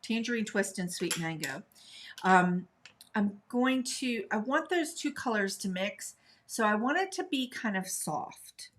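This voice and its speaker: A woman's voice: mid-range voice, expressive, unhurried, fairly bright tone. Chatty woman hosting a craft livestream. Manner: chatty, upbeat, breaks into sing-song. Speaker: craft tutorial host. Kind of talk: live-stream craft demo, chatty.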